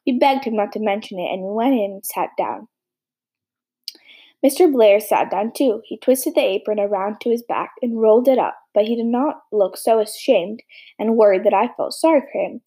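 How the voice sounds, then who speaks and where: Woman reading an optimistic teen girl, earnest, pleading, husky gravelly voice. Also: mid-range voice, normal speed, dark tone. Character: eager optimistic teenage girl.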